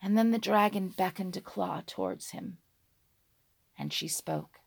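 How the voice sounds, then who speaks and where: A woman telling a dragon folk tale slowly and dramatically, dropping to a hush and rising on key words. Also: mid-range voice, creaky, husky. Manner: slow, hushed and dramatic, with sudden loud words. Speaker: storyteller.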